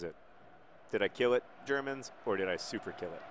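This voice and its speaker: A man giving casual, rambling gameplay commentary with jokey deadpan asides. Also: fairly low pitch, a little fast, soft background music. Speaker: video game commentator.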